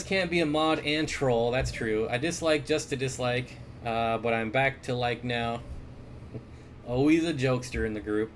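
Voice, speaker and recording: A man hosting a casual livestream, reading viewer comments aloud and answering aquarium questions in a relaxed, chuckling way with lots of fillers. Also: mid-range voice, slight background noise. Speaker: aquarium store owner and livestream host. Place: indoors, at his fish room or store. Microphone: desk mic.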